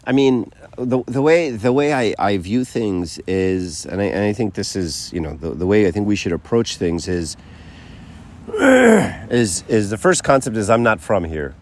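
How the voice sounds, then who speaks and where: Man, very low voice, casual teaching talk to a group, acts out quotes, checks in with "right?". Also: big pitch swings, measured pace, a little hiss or hum. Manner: conversational, many fillers and asides like "right?"; tells stories by acting out quotes. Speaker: speaker giving a faith talk.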